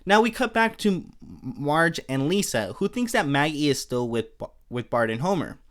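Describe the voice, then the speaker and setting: A man's voice: fairly high pitch, very animated, moderate pace, fairly bright tone. A man hosting a podcast, casually recapping a cartoon episode in a chatty, amused way and often laughing. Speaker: podcast host.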